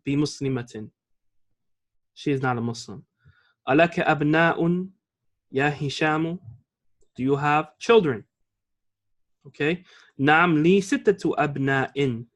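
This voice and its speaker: A man teaching an Arabic grammar lesson, explaining patiently and often checking with the class. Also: a little high. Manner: reads example lines slowly and clearly.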